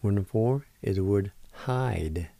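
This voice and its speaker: A man teaching words on a radio show, taking his time over every syllable. His voice is low, warm and mellow, and it sounds close and dry, with no room around it. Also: lively intonation, creaky, no echo. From Oklahoma, United States. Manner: slow, patient, repeats each syllable. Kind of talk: slow spelling and pronunciation lesson.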